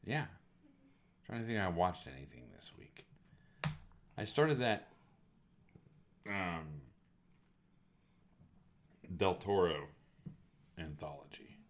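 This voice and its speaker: A man's voice: low voice, expressive, slow pace, pauses often, slight background noise. A sleepy man co-hosting a podcast in casual chat, with short, laid-back replies. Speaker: podcast co-host.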